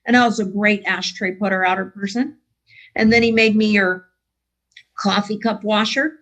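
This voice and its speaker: A woman's voice: mid-range voice, steady tone, normal speed, a bit bright, low-quality recording. Middle-aged woman, recovery speaker, dry self-mocking humor, video-call audio. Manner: wry, self-deprecating humor. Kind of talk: recovery share storytelling. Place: home, online meeting.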